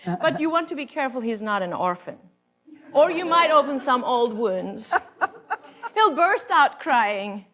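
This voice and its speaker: A woman playing a brash, worldly instructress who coaches her listeners with bossy commands and theatrical, swooping moans. Her voice sits high and bright, and it leaps all over the place. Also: big pitch swings, a little slow, soft background music, full character voice. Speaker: stage performer. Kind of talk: live comic monologue reading.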